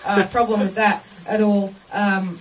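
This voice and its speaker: A woman's voice: mid-range voice, level tone, unhurried, background noise. A woman doing a stand-up comedy set, rambling and self-mocking, acting out market chats in voices. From English-speaking foreigner living in Germany. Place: comedy venue, large room. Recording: live set from far off, loud crowd.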